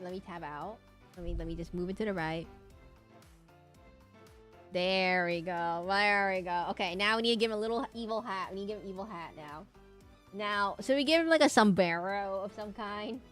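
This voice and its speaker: A woman's voice: medium pitch, a bit bright. A woman streamer chatting casually with her viewers while drawing, giggly and rambling. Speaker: livestreamer.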